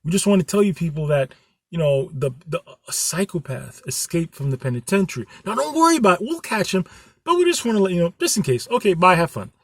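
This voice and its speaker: A man's voice: high voice, lively intonation, fast talker, no echo, studio quality. A man doing a breezy small-town sheriff. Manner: breezy, casually reassuring. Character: brisk small-town male sheriff, offhand and reassuring.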